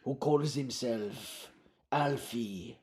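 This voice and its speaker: A man doing low smoky Romando. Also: darkish tone. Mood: seductive. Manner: slow, theatrical, seductive. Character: smoky-voiced seductive man named Romando. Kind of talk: improvised comedy bit.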